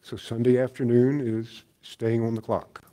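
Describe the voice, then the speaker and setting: An older man giving a talk as a guest teacher, telling stories in a relaxed way with frequent chuckles. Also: medium pitch, unhurried. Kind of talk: storytelling talk.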